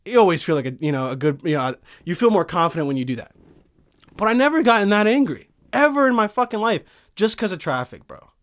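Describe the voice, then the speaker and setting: A man in his twenties hosting a casual podcast chat from a studio, excitable and profane, forever saying dude. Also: high-pitched, fast. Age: 20s. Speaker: podcast host. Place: recording studio.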